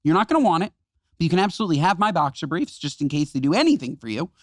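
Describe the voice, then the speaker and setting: Man, podcast co-host, emphatic comic riffing, lively pitch, dry close sound. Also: rapid-fire, no room sound. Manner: emphatic, riffs with comic exaggeration. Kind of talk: casual chat.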